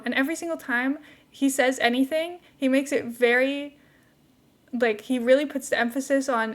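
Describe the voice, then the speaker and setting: A woman's voice: sits high, steady tone, normal speed. A young woman streamer chatting casually while playing a game, rambling with lots of "like" fillers and light laughs.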